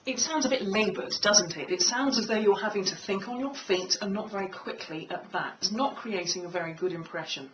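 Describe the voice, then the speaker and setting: A woman's voice: mid-range voice, highs cut off. Woman coaching on confident speaking. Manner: measured, demonstrates slow and fast speech. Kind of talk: instructional talk to camera. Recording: slightly distant mic with faint room noise.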